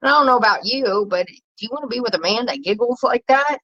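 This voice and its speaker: A woman ranting casually on her own channel, blunt and profane, rambling and jumping in pitch when she gets worked up. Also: expressive, fast talker, fairly bright tone, highs cut off. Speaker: commentary vlogger.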